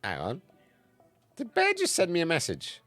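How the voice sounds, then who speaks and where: A tipsy male streamer from England chats with his viewers, swearing freely and bursting out loud before dropping to a mumble. His pitch leaps all over the place, from deep grumbles to high squeals. The sound is close and dry, with faint music underneath. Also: normal speed, no echo. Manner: excitable, swearing, swings between loud outbursts and mumbling. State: tipsy from cider. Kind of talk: casual live-stream chat.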